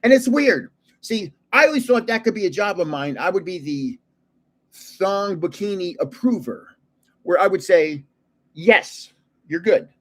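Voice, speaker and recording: A bright, expressive high voice at normal speed comes from an older man hosting a casual trading card livestream. He meanders through anecdotes, correcting himself and chuckling often.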